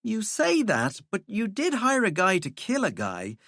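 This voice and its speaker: A man's voice: high voice, wildly swooping pitch, a little slow, fairly bright tone, no room sound, pitched above the performer's own voice, full character voice. A man voicing a wry, sarcastic young woman with a dry, teasing delivery.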